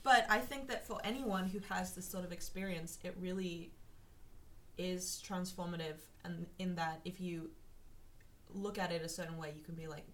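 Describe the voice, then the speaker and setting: A woman's voice: on the low side, normal speed, slight background noise. A young woman hosting a casual chat, reflective and supportive as she responds to her guest. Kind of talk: casual conversation.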